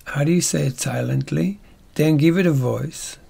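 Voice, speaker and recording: A man's voice: on the high side, normal speed, creaky, mellow, slightly rough. A man teaching a workshop in a casual, playful way, often checking in with his listeners. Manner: playful, checks in with tag questions.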